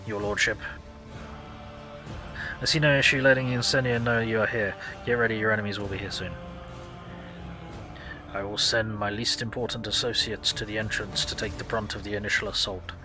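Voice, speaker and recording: A man voicing a young, easygoing but bloodthirsty gang boss who talks in a slow, lazy drawl. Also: lowish voice, fairly even intonation, music in the background, close to an everyday voice. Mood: lazy menace.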